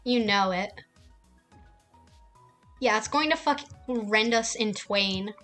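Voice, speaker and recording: A woman's voice: mid-range voice, takes it slowly, a bit bright, faint music behind. A woman streaming a game, ranting casually with heavy swearing. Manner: profane and heated.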